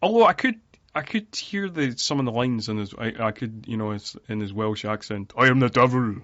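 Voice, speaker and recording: A man's voice: fairly low pitch, moderate pace, a bit bright, no room sound, muffled recording. A man co-hosting a podcast, chatting casually about a film and sharing research facts. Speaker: podcast co-host.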